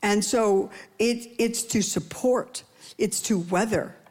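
Speaking slowly in a slightly mellow voice, this woman preaches with a playful, conversational touch, including asides to the congregation. She often acts out the voices she quotes, her pitch rising as she does.

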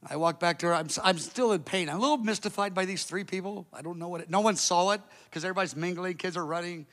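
A pastor in the middle of a sermon, a man with a fairly high, bright and forceful voice. He tells his story with lots of drama, swinging from loud bursts down to quiet asides and doing the voices of the people he meets. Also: fast talker.

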